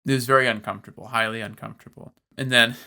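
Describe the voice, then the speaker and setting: A man's voice: mid-range voice, fairly even intonation, racing, vocal fry, sharp tone. A man co-hosting a podcast in casual film discussion, reflective and hesitant with many fillers. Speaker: podcast co-host.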